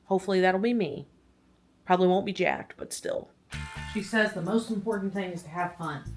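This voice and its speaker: A woman's voice: on the low side, brisk, faint music behind. Chatty, rambling young woman vlogger. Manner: rambling, self-deprecating, joking. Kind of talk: casual chatty workout vlog. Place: living room at home. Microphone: clip-on mic.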